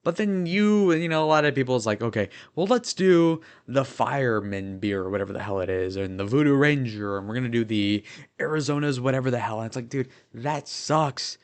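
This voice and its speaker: A man's voice: medium pitch, expressive, quick pace, clean tone. A young man in his twenties chatting casually on a livestream, rambling with lots of fillers and swearing. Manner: rambling, filler-heavy, profane.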